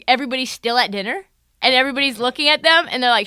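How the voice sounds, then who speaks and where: A woman's voice: on the high side, fast talker, bright, forceful tone, clear, resonant tone, dry recording, clean studio sound. A woman ranting through sports commentary with a sarcastic, profane edge, acting out the people she quotes. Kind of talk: animated sports commentary rant.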